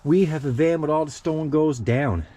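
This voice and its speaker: A man's voice: fairly high pitch, moderate pace, warm tone. A man hosting a casual how-to vlog outdoors by a van, talking to viewers as "guys" while he works one-handed with the camera in his other hand, a little out of breath. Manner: chatty, keeps addressing viewers as guys. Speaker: channel host. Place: outdoors beside a parked van. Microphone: handheld camera held while working.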